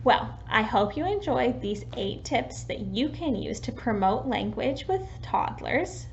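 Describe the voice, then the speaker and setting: A woman giving patient, clear tips in an instructional video on talking with young children. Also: on the high side, unhurried, dull audio, slight background noise. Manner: patient, clear explaining with lively sample phrases. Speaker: early childhood educator.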